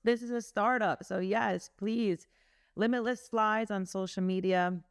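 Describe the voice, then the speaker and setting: Woman, podcast guest, candid, animated, gravelly, smooth, dry sound. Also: medium pitch, a little slow. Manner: lively, candid, animated storytelling, laughs. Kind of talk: casual interview chat.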